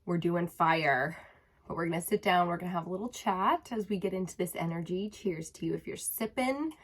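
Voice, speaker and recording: A woman's voice: fairly low pitch, lively intonation, normal speed. A woman tarot reader chatting casually to her viewers, slightly out of breath, calling them her loves. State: a little out of breath. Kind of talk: casual spiritual chat to camera.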